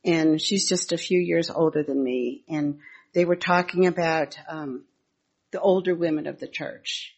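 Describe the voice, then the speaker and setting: An older woman giving a conversational devotional talk, telling personal church stories and reading Bible verses in a husky voice. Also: deep voice. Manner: homely storytelling with Bible readings.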